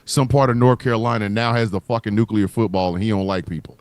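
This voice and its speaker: A man hosting a casual livestream chat, talking in an animated, profane way and riffing with comic voices. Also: fairly low pitch, fast talker, no room sound. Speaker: host.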